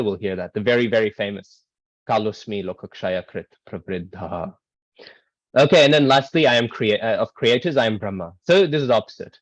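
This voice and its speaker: A man's voice: on the low side, no room sound, muffled recording. A man explaining a scripture verse in a casual online class, with many ums and rhetorical "right?" checks. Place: online video call.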